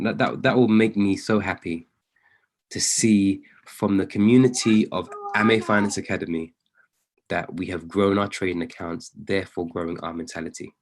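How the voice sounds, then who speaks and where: Guy coaching traders on a video call, earnest, repeats stuff, gets loud then goes all hushed and whispery. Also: fairly low pitch, moderate pace. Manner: swings between loud pleading and hushed near-whispers; earnest, encouraging, repeats phrases for emphasis. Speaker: trading coach. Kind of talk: motivational coaching on a live group call.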